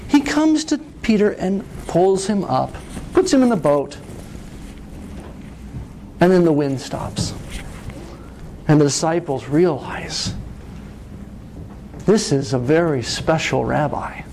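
Animated man preaching a sermon. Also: fairly high pitch, slow pace, long pauses, slight background noise. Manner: animated storytelling, asks "right?".

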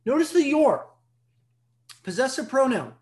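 A Bible teacher giving an evening lecture, emphatic and full of rhetorical questions, repeating key words for stress. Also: measured pace. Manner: jumps to a high excited pitch when stressing a point.

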